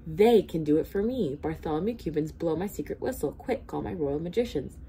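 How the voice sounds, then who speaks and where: A bellowing old storybook king, angry and demanding, barking orders in a low, gravelly voice, as a woman reading aloud puts him on. The tone is dark and mellow. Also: animated, fairly quick. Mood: commanding. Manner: bellowing, commanding.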